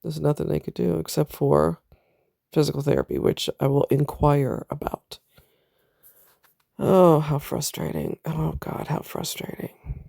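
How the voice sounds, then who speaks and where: Gravelly candid woman vlogger. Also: low voice, steady tone, unhurried, pauses often, mellow, dry recording, clean studio sound. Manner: candid, talks straight to viewers with southern US slang. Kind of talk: casual storytelling vlog.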